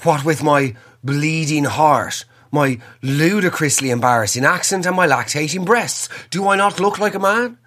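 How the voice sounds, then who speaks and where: A man's voice: a little high, moderate pace, hardly any pauses, fairly bright tone. A man hosting a podcast, delivering a wry, self-mocking, rambling comedic monologue. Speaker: podcast host.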